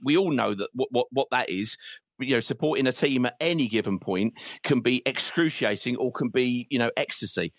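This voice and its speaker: Frustrated football fan, swearing. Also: male voice, mid-range voice, no room sound, clean studio sound. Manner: swearing, frustrated, halting restarts. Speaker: host of a fan phone-in. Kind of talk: casual football fan rant.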